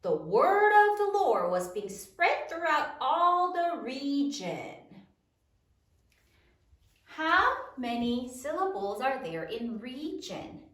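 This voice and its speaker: A woman teaching a spelling lesson to young children, sounding out each word slowly in a sing-song teacher voice. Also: high-pitched, big pitch swings, fairly bright tone, roomy sound, distant mic.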